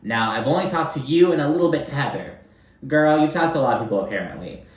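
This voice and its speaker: A man casually recapping a reality show, sassy and animated, swearing often and acting out what the cast says. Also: medium pitch, quick pace, reverberant, far from the mic. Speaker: recap host.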